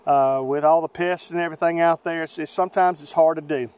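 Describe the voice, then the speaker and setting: A man with a Southern American accent talks unhurriedly, in a folksy way full of fillers, as he explains his beekeeping. His voice sits a little high and sounds smooth and clear. Bees buzz around him in the open-air bee yard. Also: steady tone, fast, a little mellow, no room sound. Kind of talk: outdoor how-to video. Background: buzzing bees.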